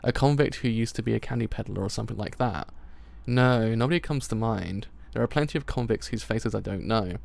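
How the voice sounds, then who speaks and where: A man's voice: fairly low pitch, brisk, creaky, a little mellow. A man with a British accent reading manga dialogue aloud as a live reaction, stumbling over words and breaking into swearing and laughter.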